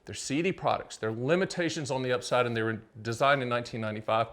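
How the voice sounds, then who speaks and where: A middle-aged man hosting his own show as an agent, explaining to camera in a punchy, salesy patter full of rhetorical questions and quick asides. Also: medium pitch, fairly bright tone. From United States. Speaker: annuity agent and show host. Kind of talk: energetic solo explainer to camera.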